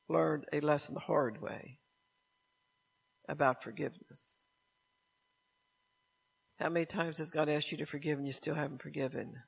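A man's voice: on the high side, gravelly, breathy edge. A man preaching, reading a testimony aloud and then pressing listeners with rhetorical questions. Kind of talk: sermon with story reading.

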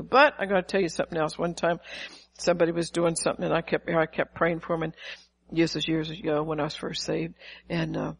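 A woman's voice: lowish voice, fast, rough recording. Older woman pastor preaching. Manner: lively preaching with rhetorical questions and acted-out quotes. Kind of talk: sermon.

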